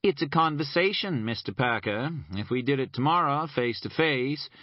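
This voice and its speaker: A man's voice: mid-range voice, animated, moderate pace, dry recording, pitched above the performer's own voice, close to an everyday voice. A man voicing a smug, sarcastic male federal agent with pompous, mocking politeness in an audiobook. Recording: dull lo-fi recording.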